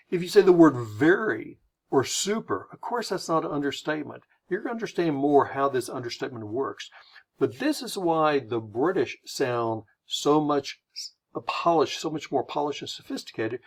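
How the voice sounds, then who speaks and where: A man's voice: on the high side, slightly rough. A man from the United States presenting a slide lecture in a conversational way, often restarting and adding asides.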